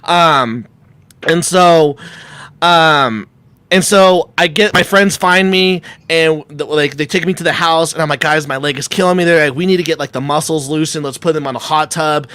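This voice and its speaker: A man's voice: on the high side, normal speed, clean tone, no room sound. A young man, a podcast guest, telling a long story in casual chat and acting out the people in it. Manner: animated storyteller, acts out quotes with shouts and laughs. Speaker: podcast guest, comic creator.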